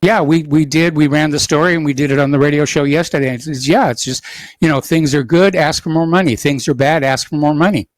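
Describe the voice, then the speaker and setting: A man hosting a talk radio show, giving commentary to a caller in a measured, matter-of-fact way. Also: on the high side, steady tone, dry recording, low-quality recording.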